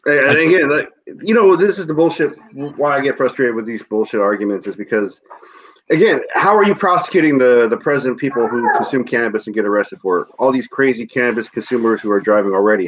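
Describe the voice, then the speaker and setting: A man's voice: medium pitch, quick pace, fairly bright tone, slight background noise. Heated swearing male co-host, dull sound. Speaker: podcast co-host. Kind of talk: casual podcast chat.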